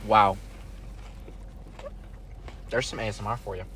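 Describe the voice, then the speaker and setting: A man hosting a casual food review, relaxed and easygoing as he leads each segment. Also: on the low side, very fast, background noise.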